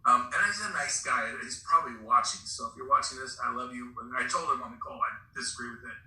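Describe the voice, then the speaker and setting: A man's voice: medium pitch, fast, bright, forceful tone. A middle-aged man giving a fired-up motivational talk on a group call, telling stories to push his listeners. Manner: fired-up, preachy storytelling. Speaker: real estate brokerage recruiter. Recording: echoey room, distant mic.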